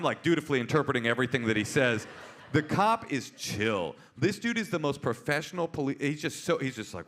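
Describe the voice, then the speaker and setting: A man in his forties, a comedian and author, telling stories on stage with an animated, punchy delivery. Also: medium pitch, a little fast. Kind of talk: live on-stage storytelling. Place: auditorium stage before an audience.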